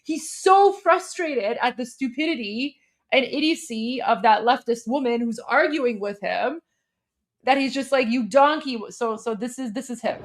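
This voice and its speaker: A woman's voice: on the high side, lively intonation, moderate pace. A woman from Iran hosting a casual livestream, talking loosely with lots of fillers and restarts as she explains a meme. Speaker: host.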